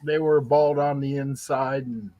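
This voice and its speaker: A man chatting casually as a guest on a live stream, folksy and quick to laugh. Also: mid-range voice, steady tone, highs cut off. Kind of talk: casual chat.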